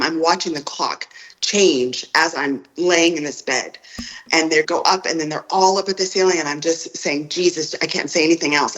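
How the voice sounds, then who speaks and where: A woman on a phone call, recounting a personal story in a halting way, often repeating her words. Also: low-pitched, a bit bright. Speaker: guest telling her own story.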